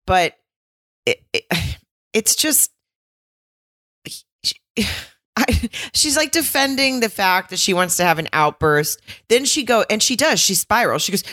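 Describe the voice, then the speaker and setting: A woman co-hosting a podcast, recapping a reality show in casual chat, laughing often and breaking into high-pitched impressions of people. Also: animated, a little slow, a bit bright. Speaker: podcast co-host.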